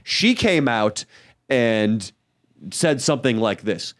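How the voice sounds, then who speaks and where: A man co-hosting a podcast, crude and animated as he tells a story in casual chat. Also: medium pitch, slow. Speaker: podcast co-host.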